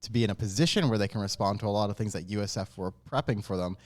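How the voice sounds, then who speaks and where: Measured male esports co-caster. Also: lowish voice. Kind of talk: live esports commentary.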